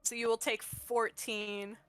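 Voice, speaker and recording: A woman's voice: on the high side, level tone, slow, fairly bright tone, dry recording. A woman running a tabletop game as game master, narrating unhurriedly with plenty of fillers.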